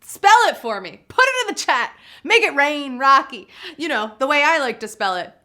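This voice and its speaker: A woman's voice: high-pitched, very animated, normal speed, pushed and bright. A woman hosting a live trivia game, chatty and bubbly, laughing often. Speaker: trivia game show host.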